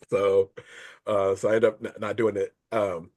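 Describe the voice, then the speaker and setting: A middle-aged man with a fairly low voice, talking casually as an interview guest. He rambles and corrects himself mid-sentence, and chuckles through his anecdotes. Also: fairly even intonation, normal speed. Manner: rambling, self-correcting, laughs while telling stories. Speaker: author guest.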